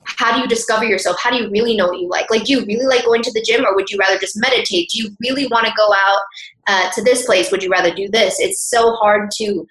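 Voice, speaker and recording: A woman's voice: mid-range voice, fast talker, fairly bright tone. Earnest woman guest in a roomy space. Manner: earnest and open, with frequent "like" fillers. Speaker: podcast guest. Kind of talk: candid conversational interview. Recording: roomy echo.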